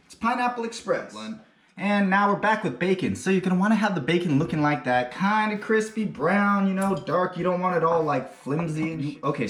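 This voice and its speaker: A man hosting a casual home cooking demonstration, talking crudely with joking, rambling asides. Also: on the high side. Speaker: cooking show host. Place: home kitchen. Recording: echoey kitchen with faint music.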